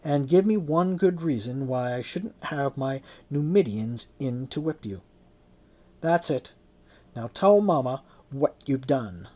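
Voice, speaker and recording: A narrator voicing a haughty, teasing Roman noblewoman who mocks and coaxes in a slow, purring way. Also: medium pitch, lively intonation, darkish tone. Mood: coaxing.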